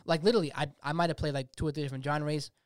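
A young man talks quickly in a smooth, crisp voice pitched a little high. He is a DJ in casual podcast chat, telling loose stories and swearing freely. The sound is close and dry. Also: fairly even intonation, dry recording. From Boston. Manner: loose storytelling with frequent swearing.

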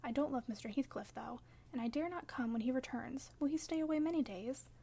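A woman voicing an impulsive, warm-hearted teenage girl in an audiobook, earnest and pert and quick to flare up. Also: high-pitched, breathy edge. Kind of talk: audiobook character reading.

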